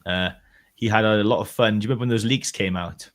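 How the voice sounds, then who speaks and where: A man hosting a live podcast in a relaxed, joking way. His voice sits a little low, and he breaks into laughs and quick asides as he chats with his co-hosts. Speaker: podcast host. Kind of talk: casual live podcast chat.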